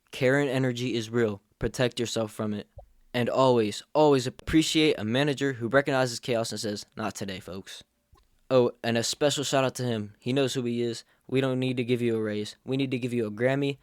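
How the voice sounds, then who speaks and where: This storytime vlog comes from a young adult man whose delivery is sarcastic and joke-heavy. He has a medium-pitched voice, captured with clean studio sound and no echo.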